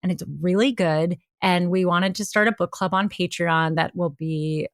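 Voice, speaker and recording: A woman co-hosting a podcast in casual, playful chat, full of quick jokes and asides. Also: fairly low pitch, steady tone, no echo, clean studio sound. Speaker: podcast co-host.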